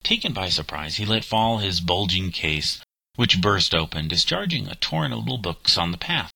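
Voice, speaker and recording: A man reading an audiobook chapter in a measured storytelling manner. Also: low voice, lively intonation, gravelly, bright, forceful tone, breathy edge, dry recording, low-quality recording. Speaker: narrator. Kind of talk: audiobook narration.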